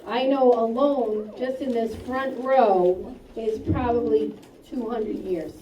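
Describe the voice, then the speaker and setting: A woman speaking at a school library ceremony, telling a lively anecdote and acting out the quoted dialogue. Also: a little high, slow pace, lo-fi sound. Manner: storytelling, acts out quoted dialogue. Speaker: school staff hosting a ceremony. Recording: echoey room from far off, faint noise.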